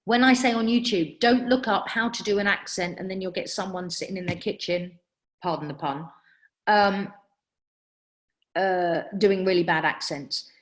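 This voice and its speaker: A woman's voice: medium pitch, moderate pace. A middle-aged woman, an acting practitioner, giving direct, emphatic career advice on a webinar and answering questions with frequent ums. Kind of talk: webinar Q&A talk.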